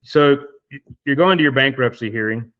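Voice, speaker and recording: A man's voice: mid-range voice, normal speed. Man explaining, slightly muffled. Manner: explains through hypothetical scenarios, many fillers. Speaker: estate planning guest. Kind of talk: conversational podcast explanation.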